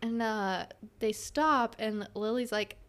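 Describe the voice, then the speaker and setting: Young female co-host, bubbly and chatty, a bit high-pitched, casual recap talk. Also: takes it slowly, a bit bright. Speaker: podcast co-host. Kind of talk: casual chat recapping a TV episode.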